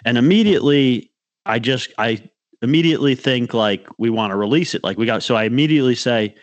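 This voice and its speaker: A man's voice: mid-range voice, fairly quick, no echo, lo-fi sound. A man co-hosting a podcast, telling a rambling fishing story in casual chat and acting out what others said. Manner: rambling storyteller, restarts, acts out quotes. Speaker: podcast co-host.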